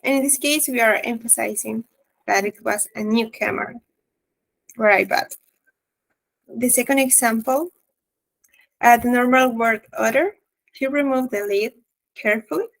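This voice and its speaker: Higher-voiced woman presenting grammar to class. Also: normal speed, vocal fry, pauses often, rough recording. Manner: reads definitions and examples aloud with fillers. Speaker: student presenter.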